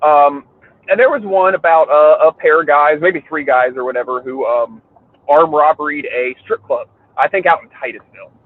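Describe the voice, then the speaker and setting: A man's voice: a little high, moderate pace, narrow, tinny audio. A man hosting a podcast, telling rambling, crude stories in a casual chat and laughing often. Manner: rambling storyteller, crude jokes, laughs a lot. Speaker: podcast host.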